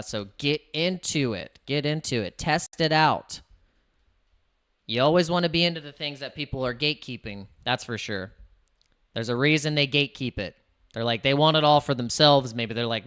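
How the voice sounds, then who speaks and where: A man's voice: mid-range voice, pushed and bright, clean tone. A man hosting a casual crypto livestream, chatty and rambling, hyping up his viewers.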